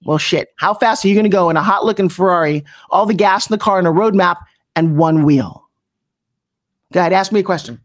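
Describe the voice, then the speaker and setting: A woman giving brash, emphatic coaching on pitching, often mimicking people in quick put-on voices. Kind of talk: energetic coaching talk.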